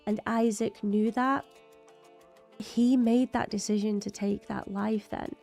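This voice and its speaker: A woman with a medium-pitched, creaky, mellow voice hosts a TV reaction channel. She's losing her voice as she talks through her thoughts in long, rambling runs of reaction commentary.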